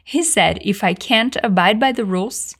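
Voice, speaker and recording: Woman teaching English slowly. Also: mid-range voice, fairly bright tone, slightly rough. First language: Brazilian Portuguese. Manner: slow, carefully enunciated model sentences. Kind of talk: language lesson with repeat-after-me drills.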